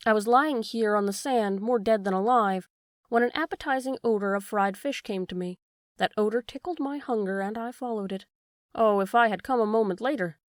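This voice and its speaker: A woman voicing a gentle, grateful male dog with a calm manner. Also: mid-range voice, a little fast, dry recording, studio quality, lightly acted. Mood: kindly.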